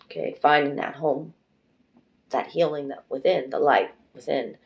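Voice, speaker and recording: A woman's voice: low-pitched, fairly even intonation, unhurried, gravelly, darkish tone, highs cut off. Woman, tarot reader, chatty, emotional, casual swearing, fond address to viewers. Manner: speaks fondly to viewers as darlings and sisters. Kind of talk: pick-a-card tarot reading.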